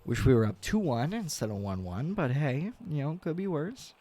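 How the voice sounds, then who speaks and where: Excitable, swearing young man streaming a game. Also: fairly high pitch, normal speed, slight background noise. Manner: excitable, swears often, yells at big plays. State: yawning, tired. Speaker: gaming streamer. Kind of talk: casual game commentary.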